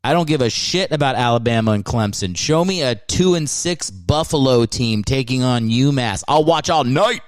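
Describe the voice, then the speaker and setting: A man's voice: mid-range voice, expressive, normal speed, few pauses, clean tone, no echo, studio quality. A man hosting a podcast, rambling in a casual, profane and self-mocking monologue. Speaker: podcast host.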